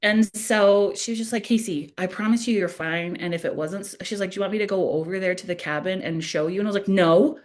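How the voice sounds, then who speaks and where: A young adult woman hosts a podcast, telling a personal story in a casual, animated manner and often laughing at herself. Her voice is mid-range, and she speaks fast with few pauses.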